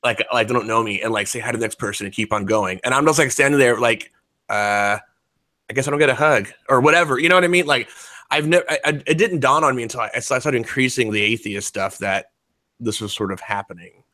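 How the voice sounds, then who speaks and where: A man's voice: medium pitch, quick pace, bright, forceful tone, no room sound. A man in his forties talking in a rambling, profane way, full of fillers and restarts. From United States. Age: 40s. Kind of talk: casual chat.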